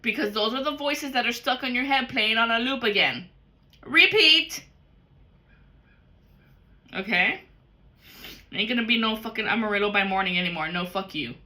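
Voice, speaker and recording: Brief: woman, tarot reader, crisp and forceful tone, cusses freely, talks right at the viewer. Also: mid-range voice, fast talker, few pauses. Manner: blunt and profane. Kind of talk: casual spiritual card reading.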